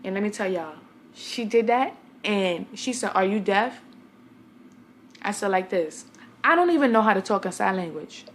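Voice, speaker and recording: Young woman vlogger from Brooklyn, medium-pitched, blunt and chatty, talks straight to her viewers. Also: animated, moderate pace, slight background noise. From Brooklyn, New York. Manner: chatty, blunt storyteller addressing viewers directly. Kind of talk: casual talk to camera.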